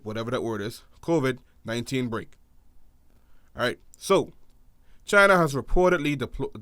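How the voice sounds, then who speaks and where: A man's voice: mid-range voice, a bit bright, no room sound. Giggly, stammering podcast co-host man. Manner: giggly, stammers with repeated fillers. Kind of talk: casual chat.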